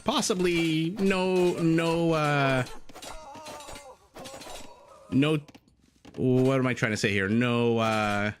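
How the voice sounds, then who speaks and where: A man's voice: medium pitch, fairly even intonation, very slow, pauses often, slight background noise. A man casting a strategy game live, chatting jokily with his chat and wandering off on tangents. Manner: chatty, jokey, digressive, reads out chat messages. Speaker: game caster.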